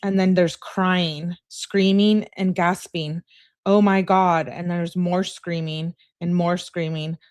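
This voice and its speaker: A woman commentator recapping a trial, reading a call transcript aloud in a plain, measured way. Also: on the low side, flat delivery, darkish tone, no echo.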